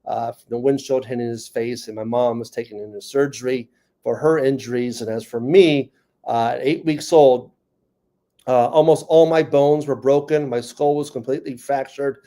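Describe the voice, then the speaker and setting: Man, 50s, New York accent, mellow voice, joking conference talk. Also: medium pitch, fairly even intonation, moderate pace. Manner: joking, then earnest and personal. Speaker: comedian and motivational speaker. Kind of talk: stand-up comedy talk at a conference.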